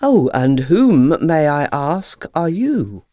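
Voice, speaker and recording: A storyteller voicing a huge, grand male cockerel who booms slowly. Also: sing-song, dark tone, dry recording, highs cut off. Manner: booming, slow and grand.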